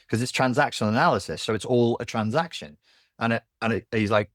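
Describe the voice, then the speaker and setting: A man speaking as a podcast guest in a candid conversation, blunt and animated, who swears freely. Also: mid-range voice, fast, no room sound, studio quality. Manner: blunt and animated, swears, acts out quoted voices.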